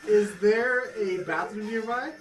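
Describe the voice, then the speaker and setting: A man's voice: sits high, a little slow, recorded from a distance, music in the background. A man playing in a tabletop game, stammering and hesitant, in a game store. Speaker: player. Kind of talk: casual tabletop play.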